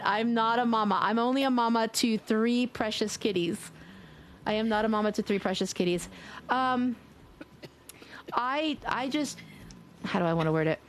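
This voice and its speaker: A woman's voice: a little high, slight background noise. A woman streamer chatting casually and affectionately as she signs off her stream, a bit congested. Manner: warm, affectionate, blowing kisses. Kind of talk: casual stream sign-off chat.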